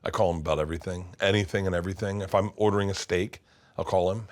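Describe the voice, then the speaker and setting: Rambling low-voiced comedian in his fifties. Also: fast talker, a little hiss or hum. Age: 50s. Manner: rambling, animated, full of restarts. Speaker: comedian guest. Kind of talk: casual storytelling. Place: his studio.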